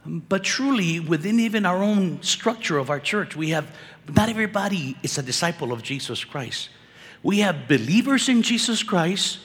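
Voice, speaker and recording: A man preaching a sermon at a conference, animated and conversational, dropping casual slang as he talks to the crowd. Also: high-pitched, moderate pace. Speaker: conference speaker. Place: conference hall. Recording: echoey hall reverb.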